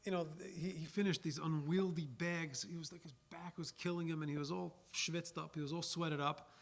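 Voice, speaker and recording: A man giving a Torah class as a rabbi, telling stories in an animated, chatty way and sprinkling in Yiddish and Hebrew words. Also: fairly high pitch, a little fast, vocal fry. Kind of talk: Torah lecture with storytelling.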